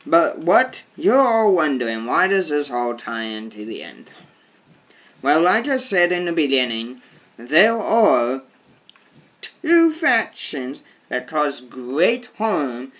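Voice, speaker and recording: A man with a slightly high voice talks very slowly over his gameplay, weighing each phrase and circling back to repeat himself. The recording sounds dull and lo-fi, like a modest home mic. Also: a bit bright. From United States. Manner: slow, deliberate, repeats himself. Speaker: gaming video creator. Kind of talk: gameplay commentary.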